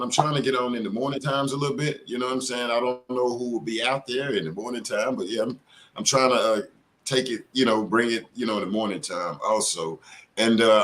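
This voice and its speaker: A man's voice: mid-range voice, fairly bright tone. A middle-aged man hosting a casual live stream, talking in a loose, slangy, profane and rambling way.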